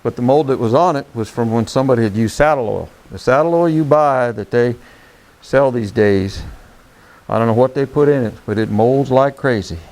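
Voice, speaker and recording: A man's voice: medium pitch, normal speed, darkish tone. A man demonstrating saddle care beside his horse, talking in a folksy, plain-spoken way and checking in with "okay?" as he works. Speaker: horsemanship instructor. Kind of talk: hands-on demonstration.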